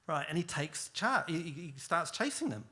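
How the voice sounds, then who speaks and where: A man telling a funny story on stage at a live storytelling night, animated and chatty. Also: fairly high pitch, moderate pace. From Australia. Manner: animated, chatty, laughs at his own story.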